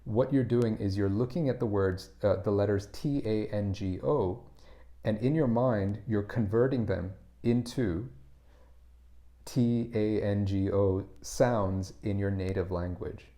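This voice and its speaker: Man, pronunciation coach, casual lesson, low voice, warm relaxed tone, repeats words while explaining. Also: unhurried.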